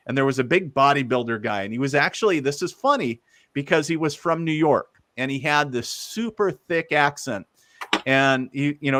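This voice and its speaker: Speaking at medium pitch with a slightly bright quality, a male guest medium spins casual, rambling stories full of fillers, laughing readily along the way. The recording is dry.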